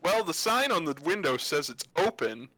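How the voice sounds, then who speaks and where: A man running a tabletop game as dungeon master, narrating scenes with a laugh and quick voices for the characters. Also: a little high, big pitch swings, pushed and bright, no echo, rough recording.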